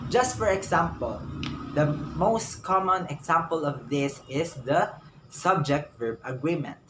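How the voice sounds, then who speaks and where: A young Filipino man talks through a grammar lesson at an unhurried pace, going back over his words as he explains. He has a Filipino English accent. The sound is roomy and echoey, with steady noise underneath. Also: on the high side. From Philippines. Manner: slow, explanatory, repeats words for emphasis. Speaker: student teacher. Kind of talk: classroom lecture. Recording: echoey room with noise behind.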